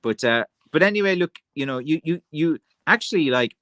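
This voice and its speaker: A man with an Irish accent hosting a livestream, ranting in a rambling, excitable way, full of "like" and "you know" and calling people "man" and "lads". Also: fairly high pitch, a little fast, no echo. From Ireland. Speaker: livestream host. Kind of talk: casual rant on a livestream.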